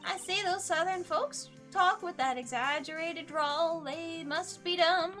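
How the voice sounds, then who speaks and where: A woman voicing a brash, touchy country photographer in a slow, exaggerated southern drawl while playing a story game. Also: very high voice, bright, forceful tone, faint music behind, pitched above the performer's own voice. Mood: indignant.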